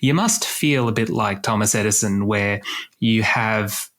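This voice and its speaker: A man co-hosting an oncology podcast, explaining topics in a measured way with dry jokes. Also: lowish voice, fairly bright tone. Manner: measured, explanatory, dryly joking. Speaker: podcast co-host. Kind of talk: casual medical podcast chat.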